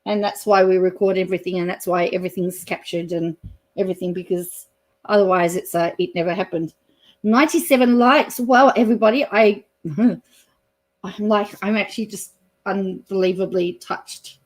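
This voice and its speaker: A woman's voice: mid-range voice, moderate pace. A middle-aged woman with an Australian accent hosting a casual live stream, chatting and reading out viewer comments. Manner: chatty, reads out viewer comments, thinks aloud with fillers. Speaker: YouTube live-stream host.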